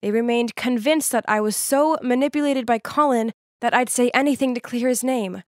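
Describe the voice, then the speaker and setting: A woman with a somewhat high voice narrates an animated story in the first person. Her telling is scripted and earnest, and the recording is dry and close. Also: normal speed, no room sound.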